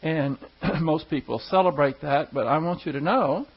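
Here a male pastor tells his congregation stories in a meandering, homespun style, laughing softly between points. The voice sits on the high side and is husky, at a moderate pace, and the lo-fi audio sounds dull.

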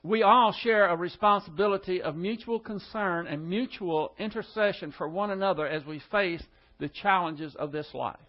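A man's voice: sits high, normal speed, few pauses, dull audio. A male pastor giving an expository Bible lesson, methodically explaining the word order of the Greek text.

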